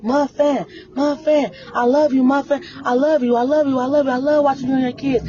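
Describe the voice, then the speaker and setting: A woman's voice: high-pitched, fairly even intonation, fairly quick, mellow, lo-fi sound, voice pushed up, natural voice. A woman mimicking adoring fans in a raised, sing-song, fawning voice on a livestream. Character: gushing adoring fans, mocked.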